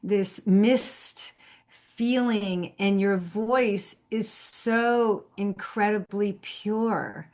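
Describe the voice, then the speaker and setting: Woman host, effusive and affirming, video call, medium pitch. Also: fairly even intonation, extremely slow, darkish tone.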